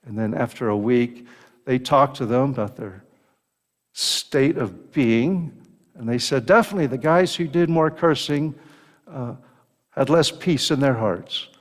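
A male pastor delivers a sermon at a slow, deliberate pace, earnest and often restarting his phrases. His voice sits at an ordinary pitch. It carries a long reverb from a large church hall.

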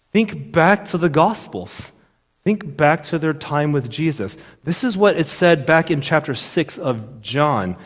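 A man preaching a sermon in a conversational, animated way, often asking rhetorical questions. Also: a little high, big-room sound. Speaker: pastor.

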